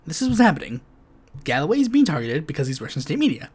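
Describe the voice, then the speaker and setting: A man's voice: fairly high pitch, very animated, fast talker, a little mellow, breathy edge. A man hosting a political podcast, talking through the news in an exasperated, sarcastic monologue full of fillers. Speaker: podcast host.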